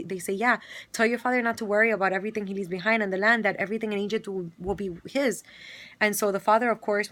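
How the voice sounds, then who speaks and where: A woman's voice: mid-range voice, a bit bright. A woman casually retelling a Bible story, filling it with quoted dialogue and everyday fillers.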